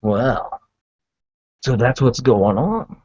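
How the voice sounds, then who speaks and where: A man's voice: medium pitch, takes it slowly, mellow, dry recording. A man telling a comic story as a host in character, with laid-back hippie slang, referring to himself in the third person. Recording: dull lo-fi recording.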